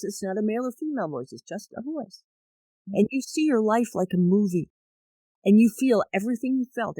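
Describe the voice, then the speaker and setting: A woman guest on a podcast, telling personal stories in an animated way and acting out her own thoughts. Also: fairly low pitch, no room sound, poor audio. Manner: animated, acts out quoted thoughts. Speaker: guest therapist. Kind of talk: conversational storytelling.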